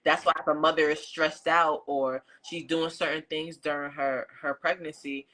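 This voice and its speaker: A woman's voice: sits low, steady tone, normal speed, fairly bright tone, rough recording. A woman hosting a podcast in casual conversation, talking earnestly and repeating phrases for emphasis. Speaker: podcast host. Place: indoor room with a fan.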